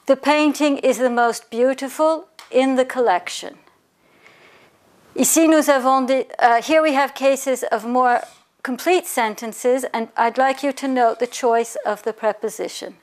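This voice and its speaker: Teaching English grammar, a woman whose voice is fairly high explains every point first in French, then in English. As a language teacher, she takes her time and slows to spell out each example word.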